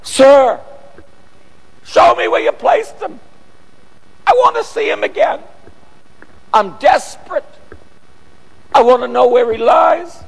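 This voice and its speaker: A male preacher voicing a desperate grieving woman, pleading in a high, cracking voice during a sermon. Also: sing-song, takes it slowly, creaky, pauses often, heavily acted. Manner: pleading, breaking into high cries. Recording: long echoey hall.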